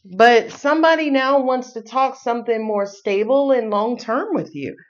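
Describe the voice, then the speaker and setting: A woman's voice: a little high, normal speed. A woman with a New York accent reads tarot in a loose, sassy way, joking and swearing as she talks. The recording sounds a little dull and lo-fi. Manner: sassy, playful, swearing, laughs often. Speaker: tarot reader. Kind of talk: casual tarot reading.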